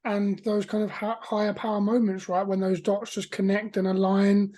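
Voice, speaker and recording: A male podcast host speaks in an even, level tone with little pitch movement. His voice is mellow and warm. He affirms his guest and asks reflective questions. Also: moderate pace. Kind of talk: interviewing.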